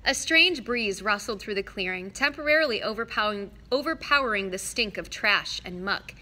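Woman reader, bright and crisp, expressive storybook narration. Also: medium pitch, moderate pace. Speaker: audiobook reader. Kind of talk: reading a novel aloud.

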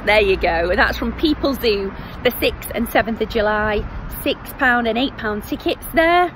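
Standing by a road with traffic passing, this North West England woman speaks in a gravelly, fairly high voice with a Northern English accent. She's a theatre vlogger recording on a phone at arm's length, chatting casually about shows she recommends and poking fun at herself.

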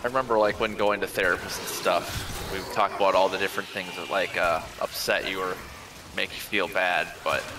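A man's voice: deep voice, noisy background. A man talking reflectively and hesitantly in casual chat. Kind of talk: casual chat between gamers.

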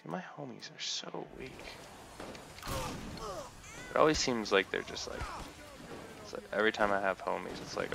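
A man's voice: lowish voice, lively intonation, moderate pace, vocal fry, pauses often, background noise. A young man giving casual gameplay commentary, goofing around and trash-talking game characters. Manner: goofy, playful trash talk to game characters. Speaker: let's play gamer. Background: game music and gunfire.

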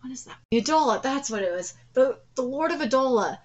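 A woman streaming a casual live reaction to a comic, excitable and profane, trailing off into fillers. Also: sits high, fairly quick, highs cut off.

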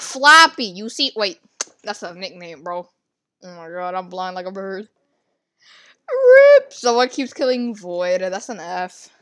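A woman giving casual, excitable commentary while playing a game, gasping and rambling. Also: medium pitch. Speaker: gaming video creator.

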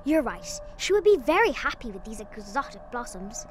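An innocent little storybook girl, as a woman puts her on, pitched up high and bright with a lilting, eager politeness. Music runs underneath. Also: sing-song, moderate pace. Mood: sweet. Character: innocent little girl in a red cape, trusting. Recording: music playing behind.

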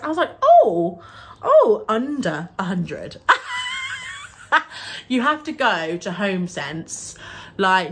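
A woman's voice: mid-range voice, slight background noise. A young woman, chatting casually to camera in a vlog, rambling with lots of fillers and little giggles. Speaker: vlogger.

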